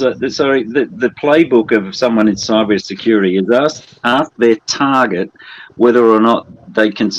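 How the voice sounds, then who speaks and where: A man's voice: mid-range voice, muffled recording. A man with an Australian accent, arguing on a livestream, swearing a lot and pressing with pointed questions. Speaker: livestream guest. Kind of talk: heated livestream argument.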